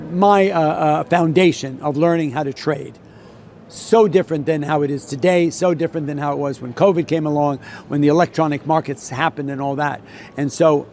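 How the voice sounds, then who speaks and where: A man's voice: a little high, darkish tone. An older man telling trading stories in a rambling way, full of restarts and repeats. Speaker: veteran floor trader. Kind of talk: solo talk with anecdote.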